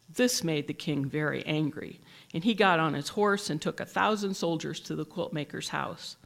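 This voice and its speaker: A teacher reading a picture book aloud in a gentle, measured storytelling manner. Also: medium pitch, creaky.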